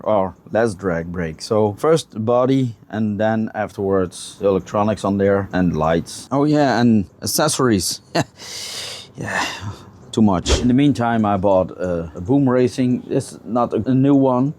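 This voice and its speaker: A man with a fairly low voice chats casually through a walkthrough of his hobby project. He talks in a halting way, often stopping to search for the right words. He sounds like he is recording in a home workshop. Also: a little mellow. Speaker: hobby builder showing a model truck project. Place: home workshop with a spray booth.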